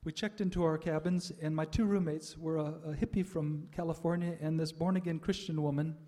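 Older male storyteller, mellow and slightly raised pitch, reflective, halting pauses. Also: fairly even intonation. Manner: reflective, with frequent "uh" pauses and soft laughs. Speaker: speaker sharing a spiritual life story. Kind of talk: personal testimony talk.

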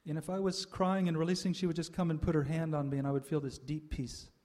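An older man with a mellow, fairly high voice and level tone gives a personal testimony about his spiritual life. He's reflective, pausing often with "uh" and letting out soft laughs.

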